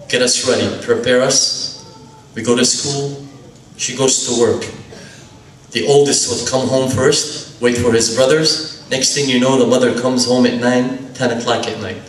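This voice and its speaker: A man giving a religious lecture, telling a family story with dramatic pauses, slowing and dropping his voice at grave moments. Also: mid-range voice, fairly bright tone, slight background noise. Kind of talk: sermon storytelling. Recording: echoey hall recorded from far off.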